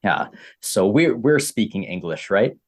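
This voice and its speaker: A Canadian man teaching beginner English, repeating simple phrases with many pauses. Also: on the low side, animated. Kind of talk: slow, simple explaining for beginner learners.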